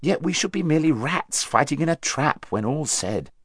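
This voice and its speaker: A man voicing a steady, confident young king in a storybook reading. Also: a little high, moderate pace, slightly rough, no echo, studio quality, voice pushed up. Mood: sober.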